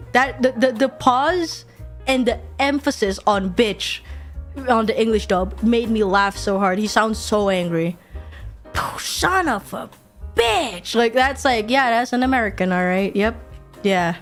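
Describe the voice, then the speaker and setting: A woman streamer chatting casually while she draws, animated, swearing freely and laughing often. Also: mid-range voice. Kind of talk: casual chat while drawing.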